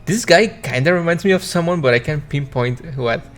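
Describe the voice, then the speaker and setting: Excitable man giving game commentary. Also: a little high, normal speed, faint music behind. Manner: excited, exclamatory asides. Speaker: game streamer. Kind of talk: casual let's-play commentary.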